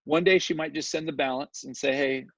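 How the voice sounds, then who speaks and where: A man guesting on an interview, telling a story in an animated, chatty way and often checking in with "right?" His voice is gravelly and mid-pitched. The recording is dry and dull, with a lo-fi sound. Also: a little fast, no room sound. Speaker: guest, real estate developer.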